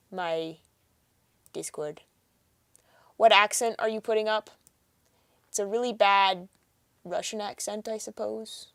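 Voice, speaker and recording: A woman's voice: mid-range voice, no echo. A woman producing music on a livestream, chatting casually and reacting with jokes. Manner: chatty, jokey, reacts loudly to sounds. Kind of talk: casual livestream chat, reading chat aloud.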